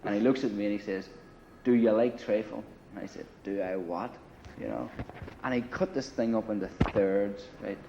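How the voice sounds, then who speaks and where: Speaking fairly quickly with hardly any pauses, this man has a lowish, slightly mellow voice and slight background noise around him. He's an interviewee casually telling a long war story in a grungy apartment, rambling and profane with many a "you know" and "right," on dull lo-fi 1980 film audio.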